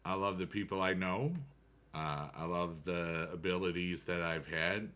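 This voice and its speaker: A man livestreaming while gaming rambles from topic to topic as he answers his chat, humming tunes now and then. His low-pitched voice is unhurried and sharp-toned, with fairly even intonation.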